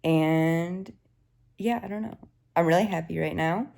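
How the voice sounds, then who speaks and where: This book vlogger, a woman in her twenties, speaks on the low side at a measured pace with some vocal fry. Her reading updates are casual and excitable, full of free swearing and gushing about the story.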